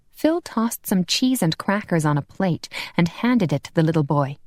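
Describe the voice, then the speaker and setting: An expressive woman reads romance audiobook narration, her pitch moving in a lively way. The recording is dry and close, with no room sound. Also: moderate pace, hardly any pauses, dry recording. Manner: expressive, voices every character. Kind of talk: scripted narration.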